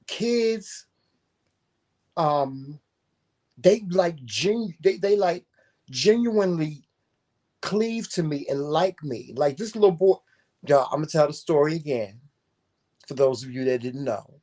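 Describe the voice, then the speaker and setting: A man co-hosting a casual talk show, telling a personal story in an animated, profane and emphatic way. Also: a little high, takes it slowly, pauses often.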